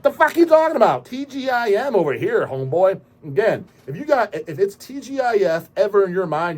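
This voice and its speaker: Brash, husky man ranting profanely. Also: high-pitched, sing-song, brisk, hardly any pauses. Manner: brash, swearing, emphatic, with sudden loud bursts. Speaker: channel host.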